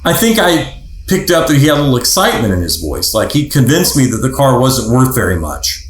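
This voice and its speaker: A man's voice: mid-range voice, brisk. A man hosting a podcast, telling a personal anecdote casually and acting out the people in it. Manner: animated, acts out the voices of people in his anecdotes. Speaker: podcast host. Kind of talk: casual storytelling. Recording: roomy echo.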